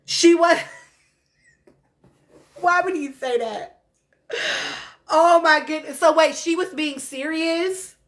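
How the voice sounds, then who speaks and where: A woman's voice: very high-pitched, takes it slowly, long pauses. A woman hosting a casual livestream, laughing often and talking straight to her viewers. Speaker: livestream host. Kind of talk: casual live-stream chat reacting to comments.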